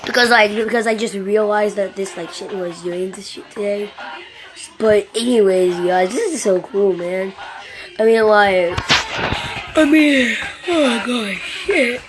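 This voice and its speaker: A woman giving rambling, excitable commentary while playing a mobile game, swearing a lot, recorded on a phone mic. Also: mid-range voice, a little slow, background noise. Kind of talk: casual gameplay commentary. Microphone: phone microphone during screen recording. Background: game music.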